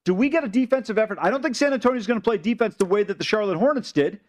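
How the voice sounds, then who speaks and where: A man with a slightly higher voice talks sports bets at a rapid clip. He stammers through quick restarts and keeps the chat lively and casual. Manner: fast, animated, stammering restarts. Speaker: sports betting co-host.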